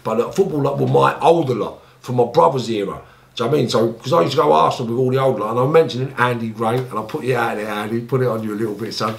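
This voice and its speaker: A man's voice: racing, vocal fry, echoey room. A man with a London accent, a former gangster telling his life story bluntly and with lots of swearing in an interview. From England. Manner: blunt, sweary, re-enacts scenes in high pleading voices.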